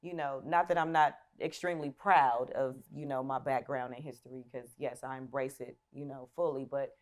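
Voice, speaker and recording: A middle-aged woman as an interview guest, chatting casually in a relaxed way, laughing easily. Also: extremely low pitch, normal speed.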